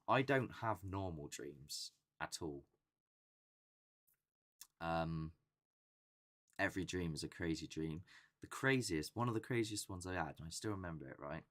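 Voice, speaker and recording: A man's voice: deep voice, fairly bright tone. A young man hosting a casual live chat, rambling and chatty, often acting out what people say. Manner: rambling, chatty, acts out quotes. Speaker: host of a paranormal channel.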